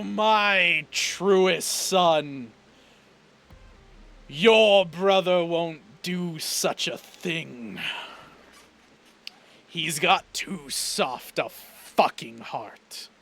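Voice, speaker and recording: A man voicing a cruel tyrant father who speaks in a booming, echoing voice and hurls slow, menacing insults. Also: creaky, bright, forceful tone, full character voice. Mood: mocking.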